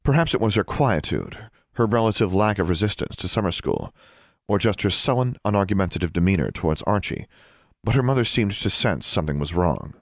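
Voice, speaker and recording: A male narrator reads a story in a steady, measured way. His voice sits very low. The sound is dry and close to the mic. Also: no room sound. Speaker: audiobook narrator. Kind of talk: scripted narration.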